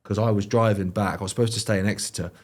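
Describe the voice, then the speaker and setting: A man's voice: on the low side, steady tone, rapid-fire, a little mellow. A man with a British English accent, chatting casually as a guest, telling rambling anecdotes full of fillers and restarts. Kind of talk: casual conversational chat.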